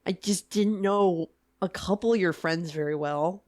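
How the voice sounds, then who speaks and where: A young adult woman co-hosting a podcast in casual chat, animated and swearing casually, often laughing. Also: on the low side, a little slow. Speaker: podcast co-host.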